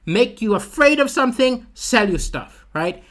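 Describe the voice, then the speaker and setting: Stand-up comedian from Malawi, male, who tells lively stories into a streaming mic and mixes in sound effects. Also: extremely high pitch, a little slow. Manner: animated storytelling with vocal sound effects. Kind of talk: stand-up comedy livestream talking to chat.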